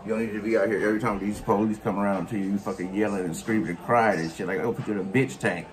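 A man's voice: lowish voice, fairly even intonation, very fast. A man giving a profane, mocking reaction rant as a vlogger, scolding someone in heavy slang. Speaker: commentary vlogger.

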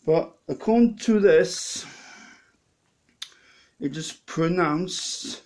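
A man's voice: a little high, a little mellow. A man with a Welsh accent, a bit drunk, rambling and restarting his sentences as he tastes a beer in a casual vlog. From Wales. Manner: rambling, halting, with many restarts. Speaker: lay preacher vlogger.

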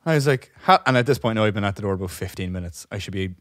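Young guy rambling thru a story, swears a lot, lowish voice, dry close mic. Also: rapid-fire, no room sound. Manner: rambling, swears often, laughs while telling. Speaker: podcast co-host. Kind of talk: casual storytelling chat.

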